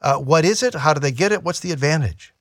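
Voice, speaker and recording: A man's voice: a little high, expressive, fast talker, dry recording, studio quality. A man co-hosting a religious radio program, announcing in a friendly, upbeat, conversational way.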